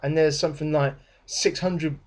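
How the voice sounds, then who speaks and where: A man voicing a cool female witch captor in a flat, matter-of-fact tone. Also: a little high, normal speed, natural voice.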